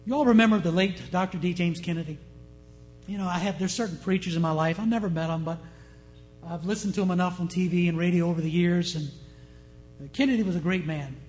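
A man's voice: high-pitched, quick pace, faint music behind. A man preaching a sermon, telling stories and putting questions to the congregation. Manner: animated storyteller, asks the congregation questions. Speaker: pastor. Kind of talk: sermon with storytelling.

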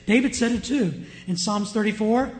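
A man with a notably high voice preaches a sermon, his delivery climbing to loud emphatic peaks before dropping to hushed asides. He keeps turning to the congregation with rhetorical questions. Faint music plays softly beneath him. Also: normal speed, low-quality recording. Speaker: pastor.

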